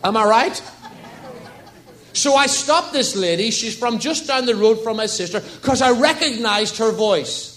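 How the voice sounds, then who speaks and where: A man's voice: very high voice, lively intonation, a little slow, a bit bright. A man preaching a sermon in a church service, telling stories and asking the congregation rhetorical questions. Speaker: pastor.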